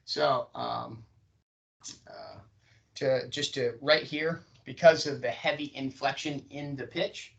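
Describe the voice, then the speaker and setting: A male sales trainer lectures a class, his pitch jumping high and dropping low as he demonstrates inflection. He sounds set back from the microphone, heard across a training room. His voice sits at a middle pitch. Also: slow, gravelly, far from the mic, muffled recording. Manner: animated, swings pitch up and down for demonstration.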